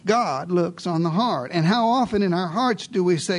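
A man preaching a dramatic sermon, telling the story in first person as one of the disciples, swinging between hushed asides and raised exclamations and asking his listeners questions. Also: high voice, moderate pace. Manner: addresses listeners directly with rhetorical questions.

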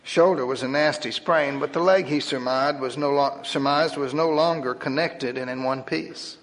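A man's voice: medium pitch, normal speed. Wry male storyteller in echoing hall. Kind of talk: humorous story reading. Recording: long hall reverb.

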